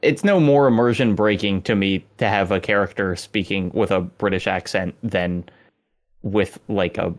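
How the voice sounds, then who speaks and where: A man's voice: deep voice, normal speed. A man on a podcast panel, offering thoughtful, wry opinions in casual chat.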